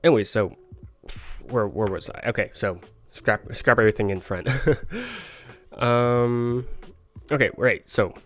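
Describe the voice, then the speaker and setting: Man, fairly low voice, self-deprecating livestream card tutorial, faint music behind. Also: unhurried, a bit bright. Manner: self-deprecating, stumbling, laughs at his mistakes. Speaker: card magic teacher.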